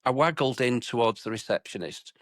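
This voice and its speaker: A man, a racing driver, telling a funny anecdote in a lively way and chuckling at his own punchlines. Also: medium pitch, brisk, dry recording, clean studio sound. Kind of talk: humorous anecdote told to a listener.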